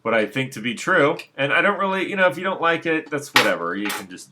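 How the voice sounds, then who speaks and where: A man's voice: a little high, sing-song, fast talker, sharp tone. A man speaking off the cuff about spirituality in a rambling monologue, full of restarts and fillers, frank and unbothered. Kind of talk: unscripted monologue.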